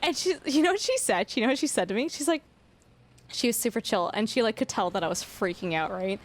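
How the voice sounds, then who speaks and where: Young woman streamer, high voice, laughing her way through a story to chat. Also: quick pace. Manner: animated storytelling, frequent laughter, rising squeals. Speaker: livestreamer. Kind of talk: casual live stream chat.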